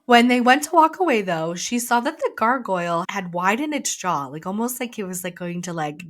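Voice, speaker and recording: A woman co-hosting a book club podcast, summarizing chapters in a relaxed, casual way with lots of fillers. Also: mid-range voice, moderate pace. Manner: relaxed retelling with many "like" fillers. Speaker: podcast co-host.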